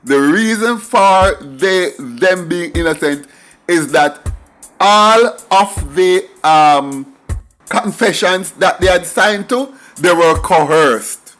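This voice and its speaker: A middle-aged Jamaican man tells a story in a high voice with a lilting, sing-song delivery. He leans hard on emphatic patois asides. Faint music plays behind him. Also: lively intonation, slow pace, a bit bright. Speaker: commentator. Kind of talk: storytelling monologue.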